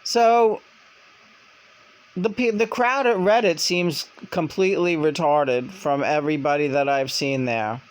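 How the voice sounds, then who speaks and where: A woman's voice: sits low, a little slow. A woman vlogger and spirit medium telling stories in a casual monologue, rambling with many restarts.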